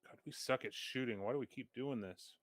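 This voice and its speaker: A man's voice: mid-range voice, fairly quick, dry recording. A man playing a tabletop game, speaking in a wry, self-deprecating way. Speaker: player. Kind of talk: casual tabletop play.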